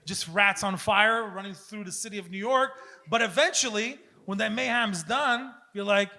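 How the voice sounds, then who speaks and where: A man guesting on a comedy podcast, telling a bit in a profane, animated way. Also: high-pitched, normal speed. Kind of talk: casual comedy podcast banter.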